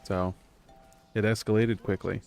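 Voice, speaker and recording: A man's voice: on the low side, flat delivery, measured pace, gravelly, darkish tone, clean tone, faint music behind. A man streaming live, telling a story in a loose, rambling way with lots of fillers. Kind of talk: casual chat.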